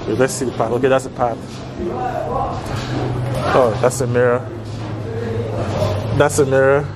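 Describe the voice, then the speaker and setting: Playful man vlogging over loud street noise. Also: mid-range voice, steady tone, measured pace. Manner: playful, exclaiming, thinking out loud. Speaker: vlogger host. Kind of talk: casual travel vlog chat. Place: street and indoor attraction.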